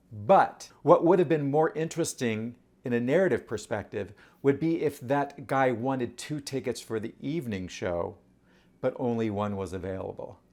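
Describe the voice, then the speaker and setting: A man talking casually to camera, animated and rhetorical, often throwing questions at his audience. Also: mid-range voice. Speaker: vlogger.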